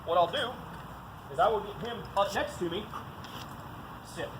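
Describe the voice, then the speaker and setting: Man giving outdoor dog-training lessons. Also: moderate pace. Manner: instructive, breaks into high excited praise for the dog. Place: outdoors in a field. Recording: noisy outdoor recording.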